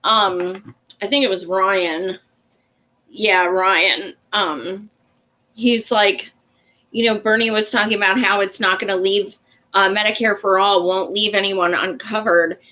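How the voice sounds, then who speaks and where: Casting: young woman host, unhurried delivery, bright edge, blunt and profane. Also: mid-range voice, fairly even intonation, lo-fi sound. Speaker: political commentary show host. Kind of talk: casual political commentary.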